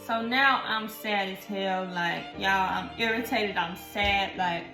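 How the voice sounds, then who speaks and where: A young woman, telling a slangy, animated storytime in a casual vlog. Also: mid-range voice, takes it slowly. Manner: animated, slangy storytelling, voices others in quotes. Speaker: vlogger. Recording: echoey room with faint music.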